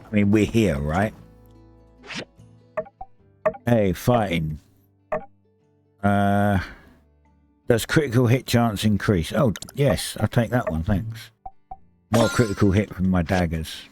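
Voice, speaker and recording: A man streaming a video game, musing aloud in relaxed, casual commentary. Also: on the low side, takes it slowly, pauses often, faint music behind. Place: home streaming setup.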